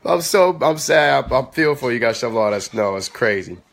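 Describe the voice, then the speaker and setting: A man at home hosting a casual live-stream chat, telling stories in an animated way and talking back to his viewers. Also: mid-range voice, normal speed, creaky.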